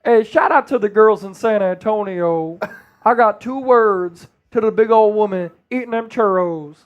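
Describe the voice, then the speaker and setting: A man's voice: sits high, unhurried, clean tone, highs cut off. A man doing an impression of a boastful older basketball analyst, drawling and rambling. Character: impression of a famous retired basketball star turned TV analyst, man, 60s, brash.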